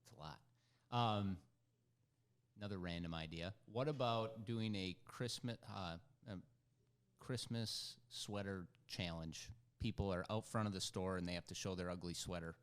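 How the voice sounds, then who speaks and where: Deep-voiced man pitching ideas. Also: moderate pace, clean tone. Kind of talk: casual chat.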